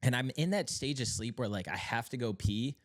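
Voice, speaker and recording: Animated young man telling a story. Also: medium pitch, a little fast. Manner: animated storyteller, shouts quoted lines, laughs often, swears freely. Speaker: podcast host. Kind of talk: casual storytelling chat.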